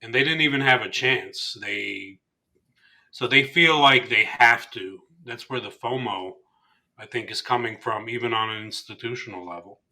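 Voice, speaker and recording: Bright-toned man explaining market charts. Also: mid-range voice, normal speed. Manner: explanatory, hedging with "I mean" and "like". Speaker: co-host of a trading show. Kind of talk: casual market chat.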